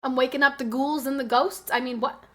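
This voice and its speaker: A young pregnant woman streaming, chatting with her viewers in a loud, excitable, fast-talking way. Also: high-pitched. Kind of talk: casual chat with live viewers.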